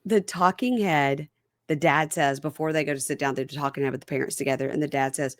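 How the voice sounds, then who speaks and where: A woman's voice: low voice, a little fast, no room sound, clean studio sound. A woman hosting a podcast, chatting casually and acting out lines in funny voices. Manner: animated, acts out quotes in funny voices. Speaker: podcast host. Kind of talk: casual chat recapping a reality show.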